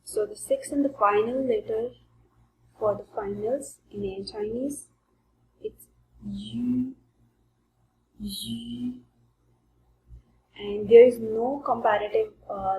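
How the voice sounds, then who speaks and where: A woman teaching a language lesson, slowly modelling sounds for learners to repeat. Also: mid-range voice, mellow. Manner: slow and deliberate, modelling sounds for repetition. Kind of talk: slow spoken language lesson. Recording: echoey room with faint background noise.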